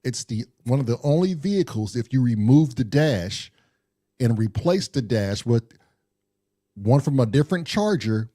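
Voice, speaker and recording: A man co-hosting a casual live-stream chat, telling a story with animated energy and often repeating words as he builds up. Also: mid-range voice, no echo, studio quality. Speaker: co-host.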